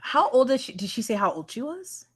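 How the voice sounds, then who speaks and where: A woman's voice: fairly high pitch, sing-song, a little fast, slightly rough. A woman co-hosting a podcast, mostly giving short reactions and questions as she listens. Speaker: podcast co-host. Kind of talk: casual chat.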